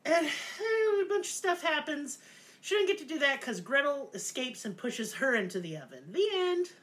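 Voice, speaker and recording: Profane, animated woman storyteller. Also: sits high, moderate pace. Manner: crude, sarcastic, animated. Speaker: podcast host.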